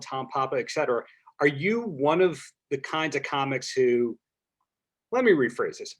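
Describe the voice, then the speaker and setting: A man hosting a podcast, asking measured interview questions over a video call. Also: medium pitch. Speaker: podcast host.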